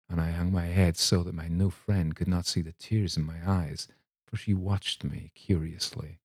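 A man reading a classic story aloud in a measured, gentle storytelling manner. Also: deep voice, fairly even intonation, husky, dry recording, studio quality. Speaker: reader.

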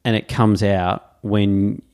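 A man, a father, talking in a relaxed podcast chat, thoughtful and unhurried with many pauses. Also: lowish voice, clean tone. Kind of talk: casual podcast conversation.

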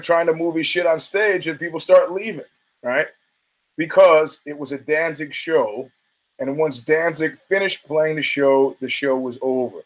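Male podcast host, fairly high voice, loose and profane, acts out the people in his stories. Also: low-quality recording. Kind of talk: profane storytelling monologue.

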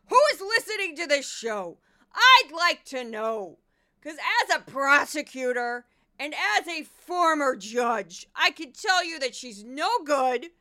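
A woman voicing a brash, loudmouthed older female TV judge-pundit as a comic impression, blustering and indignant. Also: high-pitched, voice pushed up, full character voice. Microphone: close podcast mic with a sound wall.

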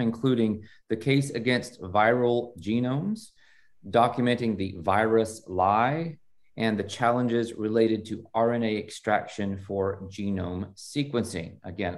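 A man hosting an interview podcast, reading a scripted introduction with strong emphasis and then chatting with his guest. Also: fairly low pitch. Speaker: podcast host.

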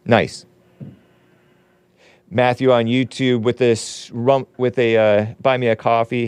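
A man's voice: medium pitch, little pitch movement, slow pace, pauses often, darkish tone, clear, resonant tone, no room sound. A man hosting a casual livestream, reading viewer comments aloud and rambling with frequent laughs. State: losing his voice. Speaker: livestream show host.

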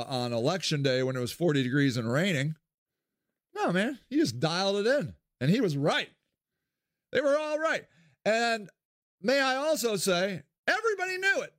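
In a dry, clean studio recording, an Akron, Ohio man gives a frank solo podcast monologue. He's blunt, swears liberally, and his voice swings animatedly in pitch.

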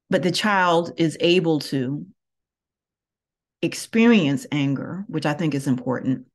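Woman with a low voice, yoga teacher thinking out loud, slow with lots of pauses. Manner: slow, searching, thoughtful with many pauses. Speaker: yoga teacher and podcast host. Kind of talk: reflective solo podcast talk.

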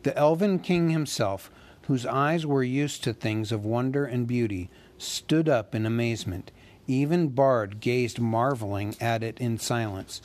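A man reading a novel aloud in a steady, measured way. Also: medium pitch. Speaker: reader.

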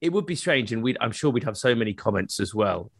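A man in his thirties co-hosting a podcast, talking in a relaxed, reflective way with frequent hesitations. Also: medium pitch, fast talker, husky, dry recording, studio quality. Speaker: podcast co-host. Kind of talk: casual chat.

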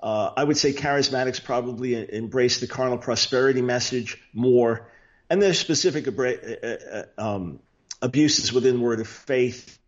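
A man's voice: medium pitch, moderate pace, dull audio. A man as an interview guest, an author explaining theology earnestly with frequent restarts. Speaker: guest, Bible teacher and author.

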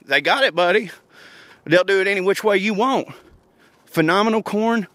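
A man's voice: high-pitched, normal speed, fairly bright tone, no room sound. Rowdy Southern man ranting. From Georgia, US South. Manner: profane, rambling, self-mocking, laughs often. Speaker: comedian podcast host. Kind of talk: comedic rant.

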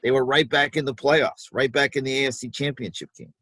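A man's voice: mid-range voice, fairly even intonation, fairly quick, bright, forceful tone, breathy edge, no room sound, low-quality recording. A man co-hosting a sports podcast, arguing his point casually with examples and plenty of fillers. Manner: conversational, builds arguments with examples, many fillers. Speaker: podcast co-host.

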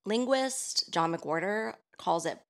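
A woman's voice: mid-range voice, animated, slow. A woman co-hosting a podcast, chatty and explanatory with playful asides. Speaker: podcast co-host. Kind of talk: casual podcast discussion.

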